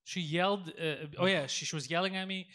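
A man in a casual podcast chat, telling crude, animated stories and acting out the people in them. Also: high voice, brisk.

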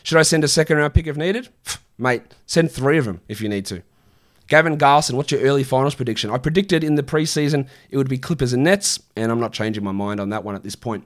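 A man in his thirties hosts a casual fantasy basketball livestream, fielding viewer questions bluntly and with exasperation, swearing plenty. He talks fast in a mid-range voice during this informal Q&A.

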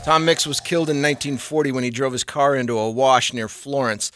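A man's voice: mid-range voice, fairly even intonation, a little fast, fairly bright tone, faint music behind. A man in a casual podcast chat, reading out facts in a matter-of-fact way. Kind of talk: casual banter.

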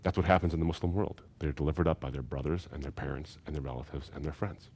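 A man's voice: extremely low pitch, steady tone, fast, darkish tone, breathy edge. A man lecturing in a recorded seminary course, emphatic and fond of repeating key phrases.

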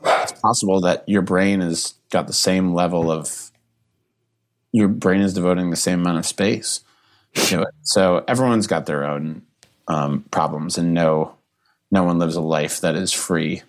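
A man's voice: sits low, steady tone, a little slow. A man, a comedian guest on a podcast, talking in an earnest, emotional way, full of restarts and fillers. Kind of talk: casual podcast chat.

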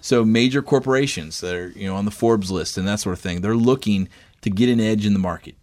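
A man co-hosts a podcast and keeps talking in a loose, rambling way. His voice sits fairly low, and he jokes easily as he chats. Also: fairly quick, a little mellow. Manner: rambling, chatty, joking about bourbon. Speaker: podcast co-host. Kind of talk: casual podcast chat.

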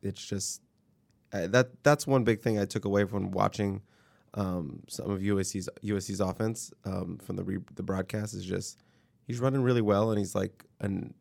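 A man co-hosting a sports podcast with a worn-out, hoarse voice and a flat, low-energy delivery. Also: moderate pace. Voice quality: gravelly. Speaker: podcast co-host. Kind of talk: casual sports chat.

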